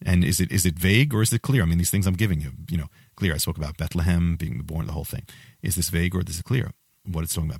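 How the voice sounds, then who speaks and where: A man's voice: low-pitched, very fast, creaky, a little mellow, breathy edge, no room sound, clean studio sound. A man teaching from the Bible, reading scripture aloud and quizzing his listeners with repeated questions. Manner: quizzes listeners with repeated questions, reads passages with rising emphasis. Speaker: preacher.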